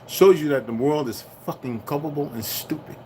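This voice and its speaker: A man's voice: fairly high pitch, moderate pace, a little hiss or hum. Heated, profane man ranting to camera. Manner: profane, heated, swings from shouting to muttering. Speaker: vlogger. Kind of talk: rambling solo rant.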